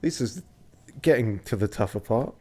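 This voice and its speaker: A man's voice: medium pitch, animated, normal speed, dark tone, slightly rough. A tired young man streaming a video game late at night, talking casually to his audience. He speaks in a loose, chatty way and swears offhandedly as he plays. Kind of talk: casual commentary.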